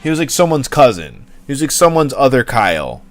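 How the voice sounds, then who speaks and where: A man's voice: medium pitch, big pitch swings, fairly quick. A young man hosting a livestream, rambling and joking casually with his chat, swearing freely. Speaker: livestream host.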